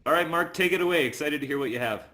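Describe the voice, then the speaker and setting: A man's voice: fairly high pitch, fast, pushed and bright. A man hosting a virtual open mic, upbeat and welcoming as he introduces a guest.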